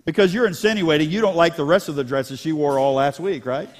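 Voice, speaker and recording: A male pastor delivers a sermon with a somewhat high-pitched voice. He keeps it lively, teasing his congregation with jokes between serious points. His voice rings with long reverb in a church hall. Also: a little fast, few pauses. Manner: animated, joking with the congregation.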